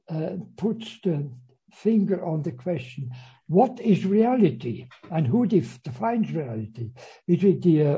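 A man's voice: a little high, dark tone, breathy edge, low-quality recording. A man lecturing on a novel, hesitating with frequent fillers and restarts as he reads passages aloud. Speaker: literature lecturer.

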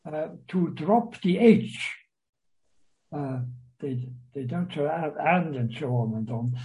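A man giving a literature lecture, reading quoted lines aloud and explaining them, hesitant with many pauses and fillers. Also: high-pitched, dark tone, low-quality recording. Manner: slow, hesitant, many uhs, reads quoted lines with raised voice.

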